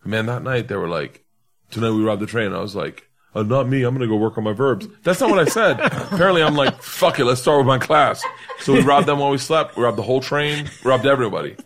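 A middle-aged comedian telling a rowdy, profane story in a casual podcast chat, laughing and acting out the other people's lines. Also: male voice, mid-range voice, fast talker. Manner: animated, swearing, laughing storyteller acting out quotes. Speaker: comedian guest.

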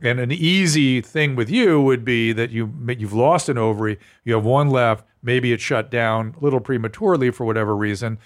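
A man's voice: mid-range voice, normal speed, few pauses. A man hosting a podcast, a doctor who asks curious questions and explains medical points plainly. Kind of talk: casual interview, medical advice.

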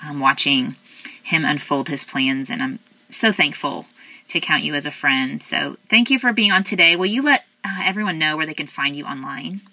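A woman hosts an interview with an affirming, heartfelt manner. Her voice sits low but has a very bright tone. The sound is dry and close. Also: normal speed, no room sound. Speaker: podcast host. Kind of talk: casual interview chat.

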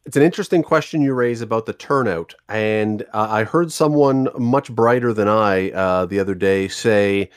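A man hosting a radio show, chatting casually and spinning playful, drawn-out stories. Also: fairly low pitch, smooth, no echo, clean studio sound. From Canada. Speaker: radio host.

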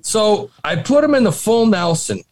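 Animated man telling a wild story. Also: sits high, normal speed, a crowd in the background. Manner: animated, swearing, laughing storyteller. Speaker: podcast co-host. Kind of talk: casual storytelling.

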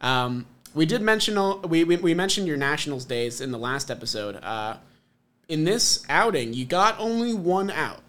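A man's voice: a little high, a bit bright. A man hosting a podcast, leading segments in an enthusiastic, chatty way. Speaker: podcast host. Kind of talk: casual chat.

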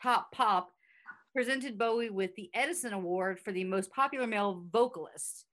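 A woman's voice: medium pitch, normal speed, a bit bright. A woman hosting a podcast in casual chat, reading out facts and quotes with chatty asides. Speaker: podcast host.

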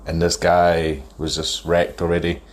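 A man's voice: deep voice, monotone, unhurried. A man in his thirties, telling a long, rambling story in a phone voice note and chuckling as he goes. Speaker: caller sending a voice note. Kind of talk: casual storytelling.

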